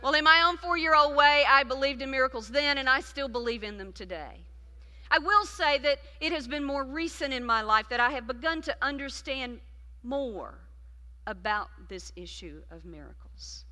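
A woman preacher delivering a sermon, swinging between loud emphasis and hushed, intimate passages. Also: sits high, animated, normal speed. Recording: long reverb of a large hall.

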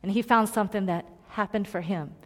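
Woman preacher telling her story, earnest, gets loud then goes soft, big echoey church hall. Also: medium pitch, brisk. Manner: earnest, confiding, swings from loud emphasis to hushed. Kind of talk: sermon storytelling. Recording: long hall reverb.

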